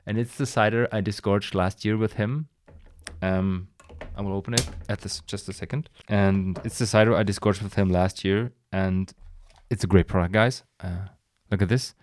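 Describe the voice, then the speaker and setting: A man's voice: on the low side, steady tone, moderate pace, darkish tone. A man hosting a casual solo podcast, talking enthusiastically in a rambling way, with frequent restarts, sighs and laughs. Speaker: podcast host.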